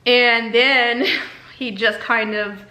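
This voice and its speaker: A woman's voice: a little high, fairly even intonation, extremely slow, sharp tone. A woman candidly telling a personal story in a vlog, emotional and repeating herself as she talks. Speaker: vlogger. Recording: echoey room.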